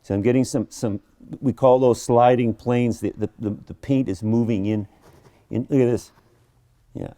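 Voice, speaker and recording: A man's voice: mid-range voice, fairly even intonation, normal speed, dark tone. A middle-aged man teaching painting in his studio, chatty and enthusiastic, often restarting and repeating words as he works. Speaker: painting instructor. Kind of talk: painting demonstration. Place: art studio.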